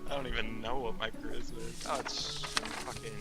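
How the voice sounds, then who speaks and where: A man's voice: medium pitch, flat delivery, moderate pace, vocal fry, pushed and bright, faint music behind. A young man playing a tabletop game, joking and laughing, swearing casually. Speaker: player.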